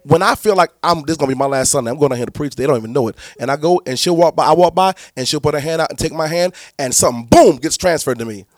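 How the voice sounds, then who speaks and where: A man's voice: fairly high pitch, racing, few pauses, no room sound, clean studio sound. A man, a pastor, teaching church leaders in a preaching style, emphatic and repetitive with many restarts.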